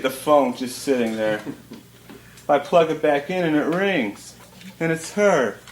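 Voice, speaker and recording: A man performing a comic spoken-word monologue at a bookshop reading, drawling wryly and chuckling through his lines. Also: fairly high pitch. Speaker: performance poet. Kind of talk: live spoken-word storytelling. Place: bookshop reading before an audience. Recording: roomy 1980s live recording with faint hiss.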